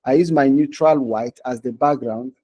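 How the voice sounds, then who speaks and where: A man's voice: medium pitch, moderate pace, dark tone. A man teaching design in a casual live online lesson, talking while he clicks through screens and often checking in with "okay?" and "right?". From Nigeria. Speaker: design instructor.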